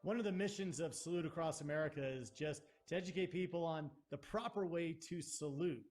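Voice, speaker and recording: A man's voice: fairly high pitch, fairly quick, a little mellow, faint music behind. A man hosting an interview, upbeat and thankful, with some fillers. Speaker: host.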